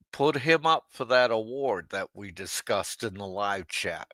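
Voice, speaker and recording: A man's voice: on the low side, expressive, a little slow, hardly any pauses, pushed and bright, dry recording. A man hosting a livestream, talking in a mocking, profane rant aimed at someone who is not there and laughing at his own jabs. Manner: talks straight to an absent listener. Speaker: livestream host.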